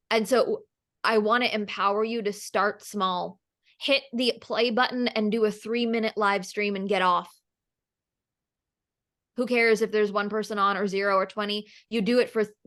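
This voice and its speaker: A woman's voice: mid-range voice, moderate pace. Emphatic woman coaching on a video call. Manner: energetic, emphatic, repeats phrases. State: emotional, near tears. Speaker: business coach.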